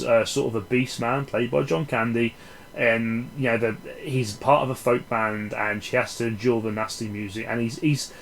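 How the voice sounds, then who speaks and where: Englishman reviewing films, profane and sardonic, rambling delivery, average pitch. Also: low-quality recording. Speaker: film reviewer. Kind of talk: casual ranting film review.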